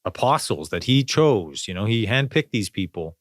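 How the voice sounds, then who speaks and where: A man's voice: lowish voice, very animated, moderate pace, dry recording, studio quality. A man hosting a podcast, talking in a rambling, reflective way with lots of fillers and restarts. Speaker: podcast host. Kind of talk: casual spiritual conversation.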